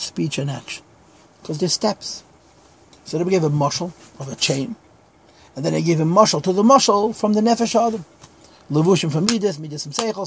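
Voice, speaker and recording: Casting note: man, husky, fairly high voice, Torah teacher reading out slowly and explaining. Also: darkish tone. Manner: reads Hebrew phrases slowly, then explains in English. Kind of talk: Chassidic text class.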